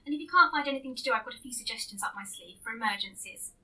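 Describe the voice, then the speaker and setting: Woman reading as a middle-aged mum, gently rambling, high bright voice, distant mic. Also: lively intonation, racing. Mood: chatty. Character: chatty wistful middle-aged English mum.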